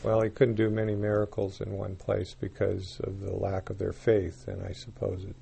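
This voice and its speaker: A man in a Bible study group, offering earnest, measured comments. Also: low voice, completely flat delivery, creaky, dark tone, a little hiss or hum. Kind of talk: group discussion.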